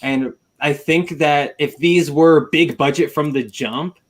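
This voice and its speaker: Casting: eager podcast panelist, man with a somewhat high voice who gushes and rambles. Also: steady tone, slow. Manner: enthusiastic, rambling, repeats himself. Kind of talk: casual film discussion.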